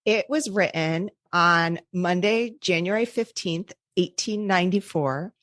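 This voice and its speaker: Podcast host lady reading an old ghost story, kinda low voice, dry close sound, chatty side comments. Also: measured pace, fairly bright tone, dry recording. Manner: reads aloud with chatty asides.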